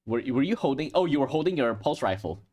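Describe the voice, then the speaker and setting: A fast-talking game master with a medium-pitched voice runs a tabletop sci-fi horror game, narrating action and explaining rules. He stays steady but often restarts mid-phrase.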